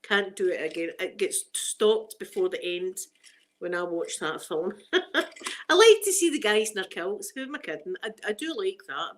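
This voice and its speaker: A woman's voice: mid-range voice, animated, normal speed, fairly bright tone. A Scottish woman in her forties, chatting casually for an ASMR video, self-mocking and laughing often. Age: 40s. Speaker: ASMR creator.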